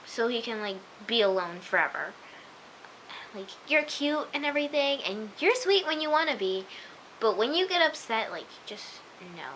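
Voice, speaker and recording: Woman vlogger, bright higher voice, excitable and chatty, slips into hushed asides. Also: a little hiss or hum, rough recording. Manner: gushing, exclamatory, full of filler words. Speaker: TV episode reviewer. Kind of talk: casual chatty review.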